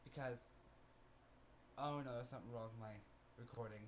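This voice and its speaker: A man's voice: mid-range voice, steady tone, moderate pace, slight background noise. A man vlogging a casual storytelling rant, aggrieved and rambling, sighing often. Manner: aggrieved, ranting, with frequent sighs; rambling with restarts and fillers.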